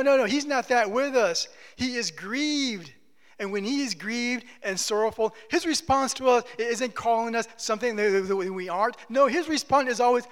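High-voiced preacher in a reverberant hall. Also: male voice. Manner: earnest preaching, drops to soft tender repetitions. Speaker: pastor. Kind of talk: sermon.

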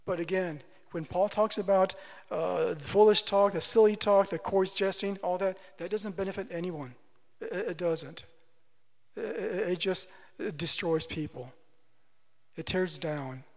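High-voiced preacher in an echoing hall. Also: male voice, measured pace, creaky. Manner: emphatic, repeats phrases, asks the congregation questions. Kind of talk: sermon. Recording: long reverb of a large hall.

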